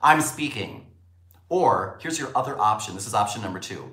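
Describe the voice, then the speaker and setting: The recording has a roomy echo around a communication coach who talks fast in a fairly low voice. He teaches his spoken lesson on communication animatedly, performing the quoted lines as he goes.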